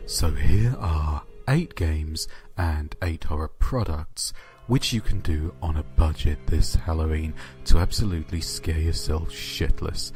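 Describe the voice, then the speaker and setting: A man narrating horror stories and chatting casually, with a dry, offhand delivery and some swearing. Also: rumbling low. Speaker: narrator and channel host. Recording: music playing underneath.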